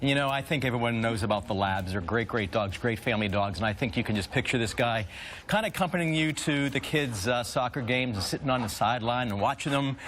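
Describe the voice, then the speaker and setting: An easygoing man chatting casually as he pitches a shelter dog for adoption. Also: a bit bright, a little hiss or hum. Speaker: shelter pet presenter.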